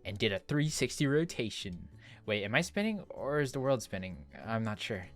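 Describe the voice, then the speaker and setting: A young gaming video creator reads through a visual novel in a let's play, chatting and musing aloud, often trailing off and restarting his sentences. His medium-pitched voice is sing-song and fairly bright at a moderate pace, with faint music in the background.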